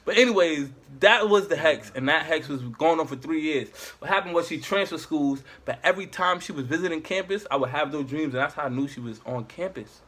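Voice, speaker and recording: Young man, husky, higher pitched, casual slangy storytelling. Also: fairly quick, few pauses. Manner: slangy, rambling, animated storyteller.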